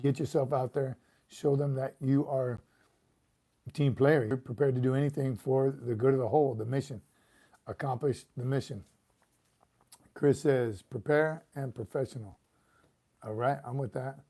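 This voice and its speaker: A man's voice: medium pitch, steady tone, normal speed, pauses often, dark tone. A middle-aged man, a retired sergeant major, casually chatting on a livestream and reading viewer comments, chuckling and repeating words as he goes.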